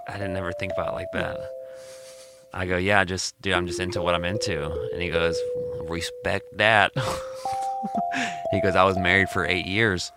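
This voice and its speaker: Laid-back low-voiced young man telling stories. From Mississippi. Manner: laid-back, says "dude" often, laughs between lines. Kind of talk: casual storytelling chat.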